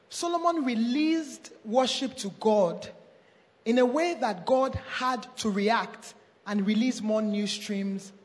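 A woman preaching a sermon, reading scripture aloud with small stumbles and slowing down to stress her points. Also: on the high side. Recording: long reverb of a large hall.

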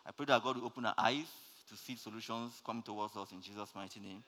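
A man preaching a sermon with energy, swinging from loud, rising calls down to soft, low words. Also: steady tone, quick pace, long reverb tail.

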